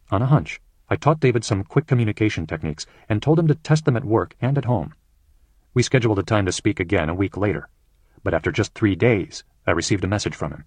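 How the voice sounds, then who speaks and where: A man with a low, husky voice narrates his own case story in a measured, storytelling manner. The recording is dry and close, with no room sound. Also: expressive, a little mellow, no room sound. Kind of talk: scripted audiobook narration.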